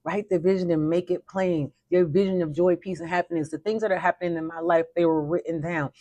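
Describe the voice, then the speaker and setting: A woman's voice: on the low side, fairly even intonation, fairly quick, mellow, no room sound. A woman hosting a weekly motivational talk, speaking emphatically and repeating her declarations in a folksy, spirited way. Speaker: host.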